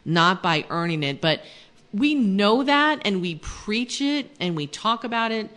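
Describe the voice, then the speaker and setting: A woman's voice: medium pitch, big pitch swings, a little slow, fairly bright tone. A woman hosting a faith podcast, teaching in an earnest, conversational way with many fillers. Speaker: podcast host.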